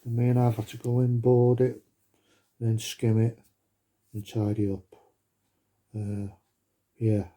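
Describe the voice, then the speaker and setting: A man's voice: medium pitch, completely flat delivery, takes it slowly, pauses often, warm tone. A Welsh man, a plasterer, chatting casually to his phone camera with lots of fillers and loose rambling asides. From Wales. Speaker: plasterer vlogger. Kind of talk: casual vlog chat.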